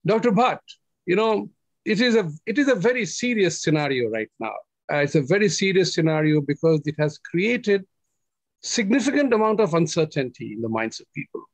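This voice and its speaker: A man's voice: sits high, animated, fairly quick, no room sound. A man hosting a TV panel talk show, speaking in a wordy, rhetorical way with fillers. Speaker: show host.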